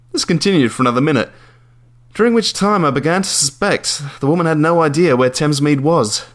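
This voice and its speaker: Male narrator for a memoir audiobook; dry, deadpan wit. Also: on the high side, brisk. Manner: dry, wry understatement.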